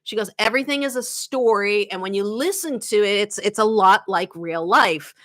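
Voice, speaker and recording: A woman's voice: mid-range voice, lively intonation, moderate pace, a bit bright. A woman with a light Boston accent, a guitar teacher chatting casually with viewers in a live-stream Q&A, laughing often. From Boston area, USA.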